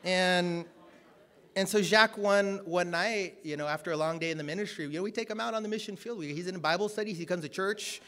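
A man preaching a sermon, telling a personal story, loud and emphatic at times, then dropping to low, quiet asides. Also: fairly quick.

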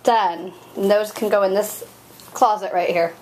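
A woman's voice: mid-range voice, fairly even intonation, unhurried, a little mellow, slight background noise, low-quality recording. A woman filming a home vlog as a mother, chatting with her young child in a playful, teasing way while they unpack boxes at home. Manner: playful, teasing, coaxing questions. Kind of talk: casual home vlog chat.

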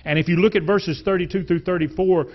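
A middle-aged man preaching a sermon in a church, with emphatic delivery, restarts and repeated words, and sudden loud rises. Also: sits high, fairly even intonation, quick pace, lo-fi sound. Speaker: pastor. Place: church sanctuary.

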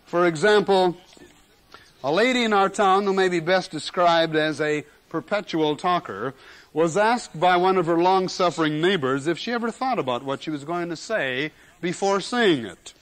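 Emphatic high-voiced male lecturer. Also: moderate pace, a bit bright. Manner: emphatic, repeats key words for effect. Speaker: lecturer in general semantics. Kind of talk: recorded classroom lecture. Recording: 1970s lecture recording.

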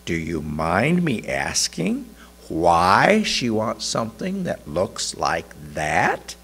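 A man voicing a grieving, resentful woman in a sermon story, doubtful and heavy, with a lowered, gravelly voice. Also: animated, slow pace, full character voice. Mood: incredulous.

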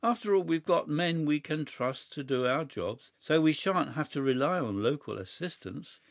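A man reading a story aloud, voicing a cool, mischievous young gentleman who speaks calmly and matter-of-factly. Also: fairly high pitch, moderate pace, vocal fry, dry recording, studio quality, pitched above the performer's own voice. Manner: calm, matter-of-fact, sly.

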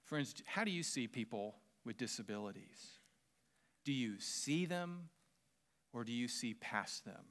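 A man with a Southern American accent delivers a sermon in an easygoing, conversational tone. He speaks at a middle pitch, addresses the congregation directly, and mixes in light humor. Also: animated, unhurried, fairly bright tone. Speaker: pastor.

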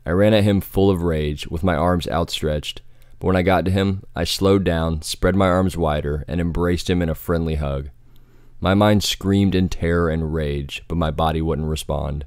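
A man narrating a horror story in a measured, dramatic way. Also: very deep voice, fairly even intonation, darkish tone, soft background music.

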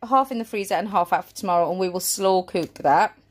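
Speaking at a quick pace in a mid-range voice, this young family vlogger is pregnant and out of breath as she casually talks through her family's grocery haul. She's chatty, laughs readily and keeps correcting herself, with a bit of background noise behind her.

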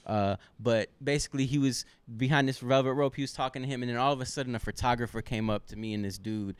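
A man guesting on a comedy podcast, telling stories in a rambling, deadpan way. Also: medium pitch, quick pace, clean tone, no echo. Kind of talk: casual comedy podcast banter.

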